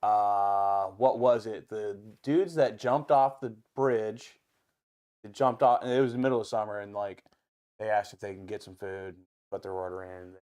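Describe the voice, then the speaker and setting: A man with an Ohio accent, a restaurant owner and guest, telling stories in an animated, casual way and swearing freely. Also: lowish voice, normal speed, smooth. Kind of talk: casual storytelling.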